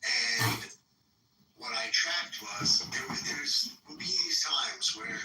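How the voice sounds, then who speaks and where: A man's voice: medium pitch, expressive, slow, loud music behind the voice. A man in casual group chat on a podcast, speaking bluntly and swearing freely. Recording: roomy, distant-mic recording.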